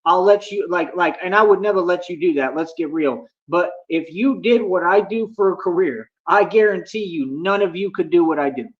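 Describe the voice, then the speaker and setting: A man's voice: sits high, normal speed, hardly any pauses, lo-fi sound. A man ranting defiantly at his chat during a phone livestream, boastful and combative.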